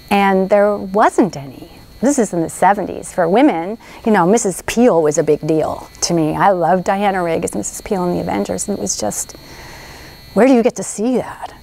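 Woman, chatty, mid pitch, casual interview, faint noise. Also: expressive, normal speed, vocal fry, darkish tone. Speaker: actress guest.

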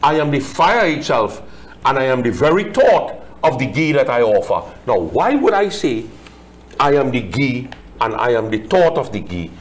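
A man's voice: medium pitch, big pitch swings, moderate pace. A man, a Hindu pandit explaining scripture in a religious discussion, chanting Sanskrit verses and translating them line by line.

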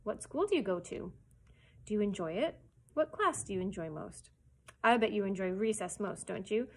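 A woman's voice: mid-range voice, expressive, moderate pace, slightly rough. A woman voicing a polite, chatty middle-aged male hairdresser who asks kindly, patronizing questions in a storybook reading.

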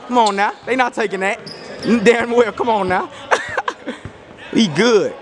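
A young man cheering a basketball team from the sideline, joking and shouting loud encouragement in an indoor gym. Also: high-pitched, steady tone, measured pace. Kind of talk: casual sideline banter. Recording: noisy crowded gym. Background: crowd noise and bouncing balls.

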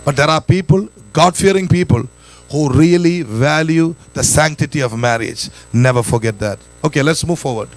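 Pastor guy preaching hard, slightly high voice, acts out what people think. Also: moderate pace. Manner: emphatic preaching, quotes scripture and acts out listeners' thoughts. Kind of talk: sermon. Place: church.

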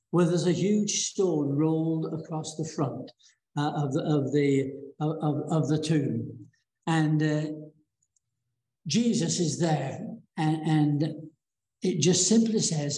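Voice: mid-range voice, animated, a little slow, dark tone. A preacher retelling a Bible story in a casual, colloquial sermon, with many fillers and restarts, in a church. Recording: echoey church room.

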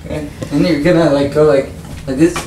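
A man's voice: a little high, steady tone, fairly quick, close to an everyday voice. A man playing a clumsy, lazy male workout director who rambles and stops mid-instruction, in a roomy, distant, noisy home recording. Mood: goofy. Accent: put-on Australian.

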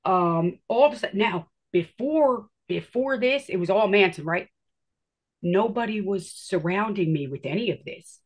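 A woman's voice: mid-range voice, lively intonation, measured pace. A woman recounts her own story in an easy, conversational way. She acts out her reactions as she goes and swears without thinking about it. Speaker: interviewee telling her story. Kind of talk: casual storytelling.

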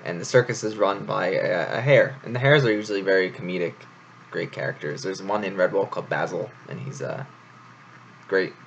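A man's voice: deep voice, fairly quick, vocal fry, a little hiss or hum. A man casually reading a novel aloud and chatting about it with rambling asides, in a dull lo-fi home recording. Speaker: reader of a novel. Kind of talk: casual read-aloud storytelling.

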